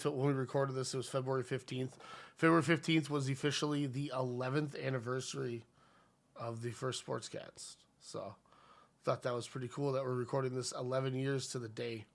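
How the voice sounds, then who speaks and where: A man's voice: medium pitch, creaky, a bit bright. A man hosting a podcast in casual chat, laughing often and joking with profanity. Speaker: podcast host.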